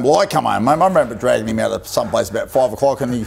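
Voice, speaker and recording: A man's voice: mid-range voice, animated, very fast, vocal fry, darkish tone, breathy edge. A middle-aged Australian man, a former player, spinning emotional, colloquial yarns as a guest on a sports panel. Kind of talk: TV panel anecdote.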